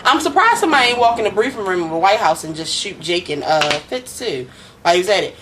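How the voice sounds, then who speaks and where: A woman's voice: mid-range voice, very animated, quick pace, noisy background. A woman casually recapping a TV drama episode with a co-host, swearing and acting out the characters' lines.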